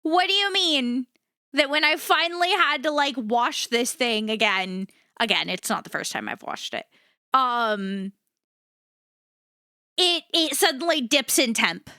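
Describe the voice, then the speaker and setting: Woman streamer rambling and cussing, high voice that jumps all over, slow easygoing talk. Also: sing-song, pushed and bright, dry recording, studio quality. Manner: ranting, swears freely, jokey and self-mocking. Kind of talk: casual chat.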